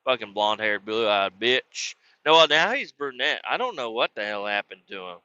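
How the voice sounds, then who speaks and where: A man's voice: fairly low pitch, sing-song, normal speed, pushed and bright, clean tone, no room sound, lo-fi sound. A man hosting a podcast, telling a rambling, profane story in a casual monologue and jumping into quoted voices of the people in it. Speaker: podcast host.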